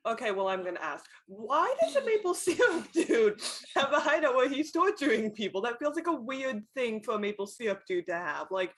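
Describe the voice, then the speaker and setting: A woman's voice: on the high side, big pitch swings, fairly quick, hardly any pauses. A woman playing a tabletop game in character, playful and full of questions. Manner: playful, questioning, laughing often. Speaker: player.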